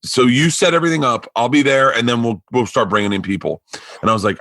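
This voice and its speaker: A man's voice: mid-range voice, fast, no room sound. A man from Florida hosting a podcast, telling rambling stories in casual chat and acting out other people's lines. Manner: rambling, animated storyteller who acts out quotes. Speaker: podcast host.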